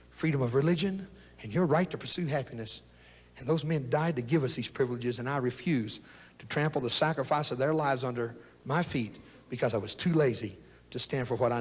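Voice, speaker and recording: Folksy man preaching in an echoing hall. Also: medium pitch. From South Texas. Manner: folksy, jokey, fired-up preaching. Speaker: speaker telling his war story. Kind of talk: motivational speech to young people. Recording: long echo of a big hall.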